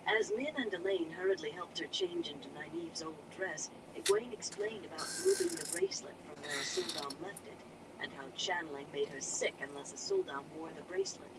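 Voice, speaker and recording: Laid-back hobby reader, lively up and down voice, distant mic, street noise. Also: mid-range voice, fairly quick, creaky. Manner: unpolished, breaks off mid-reading to chat. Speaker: audiobook reader. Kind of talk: casual audiobook reading with chatty asides.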